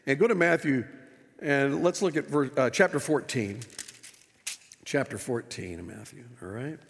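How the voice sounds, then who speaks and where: A male pastor preaching a sermon with animated delivery, his voice rising and falling, with wry asides to the congregation. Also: mid-range voice, normal speed, gravelly, in a large hall, a little hiss or hum. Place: church sanctuary.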